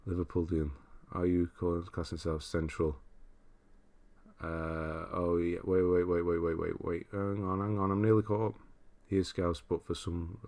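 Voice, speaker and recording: Reading the chat aloud at a moderate pace, a British host keeps his livestream relaxed, taking viewer comments one by one. He has a deep, low voice, talks loosely, and laughs frequently.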